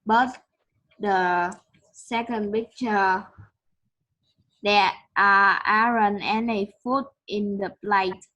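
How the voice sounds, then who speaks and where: A woman studying English online, answering in hesitant, halting sentences. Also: mid-range voice, steady tone, sharp tone. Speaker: English student. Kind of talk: online one-on-one lesson. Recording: dull lo-fi call audio.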